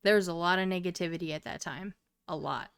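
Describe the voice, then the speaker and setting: A woman's voice: fairly low pitch, quick pace, a bit bright, clear, resonant tone, dry recording, clean studio sound. A woman in her twenties co-hosting a podcast, telling a story casually with lots of swearing and fillers. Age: 20s. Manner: profane, meandering storyteller with many fillers. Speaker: podcast co-host.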